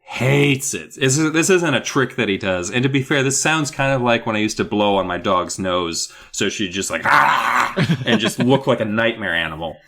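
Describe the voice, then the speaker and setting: A man's voice: on the low side, lively intonation, moderate pace, hardly any pauses, fairly bright tone. A man co-hosting a comedic podcast, reading book passages aloud with hammy dramatic flair and telling jokey stories. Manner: joking, playful storytelling. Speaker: podcast co-host. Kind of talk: casual comedic book recap.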